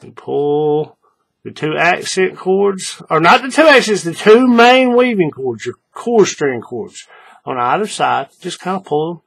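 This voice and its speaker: A man with a husky, slightly high voice explains a craft project step by step in a loose, casual way. He repeats himself often and keeps checking that the viewer is following along. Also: sing-song, a little slow, fairly bright tone. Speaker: crafting tutorial host.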